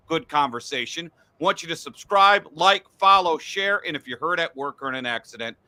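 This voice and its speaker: A man's voice: a little high, bright, forceful tone. A middle-aged man hosting a casual sports podcast from a home studio, blunt and profane when he rants. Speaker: podcast host.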